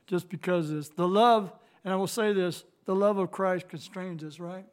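High-voiced man teaching the Bible. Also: steady tone. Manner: plain-spoken, halting, with restarts and fillers; reads scripture slowly, rising louder on key verses.

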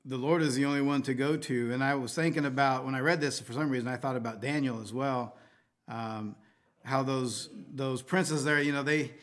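A man's voice: mid-range voice, fairly even intonation, moderate pace, a bit bright. A man reading scripture aloud, then explaining it in a casual, hesitant way with many fillers and restarts. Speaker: Bible teacher. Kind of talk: scripture reading and devotional commentary.

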